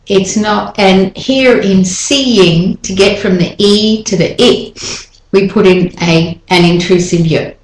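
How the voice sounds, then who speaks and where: Slow, echoey woman teaching pronunciation. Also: medium pitch, a little mellow. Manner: demonstrates words slowly, repeating them. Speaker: English accent teacher. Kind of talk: pronunciation lesson.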